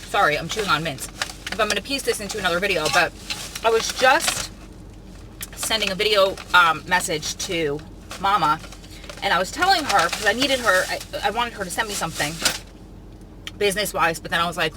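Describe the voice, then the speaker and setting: Bright, chatty woman vlogging. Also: mid-range voice, sing-song, fairly quick, a little hiss or hum, rough recording. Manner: chatty, rambling, many fillers; laughs easily, jokey. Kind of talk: casual vlog chat.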